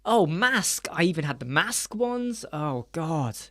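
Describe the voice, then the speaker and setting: Animated man hosting a live chat. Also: a little high, takes it slowly. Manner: animated, acts out quoted voices. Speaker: live stream host. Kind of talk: casual live stream chat. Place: small dark room with soundproof panels.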